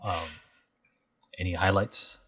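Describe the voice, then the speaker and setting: A man co-hosting a podcast in casual chat, relaxed, retelling scenes with playful impressions. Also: sits low, slow. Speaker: podcast co-host.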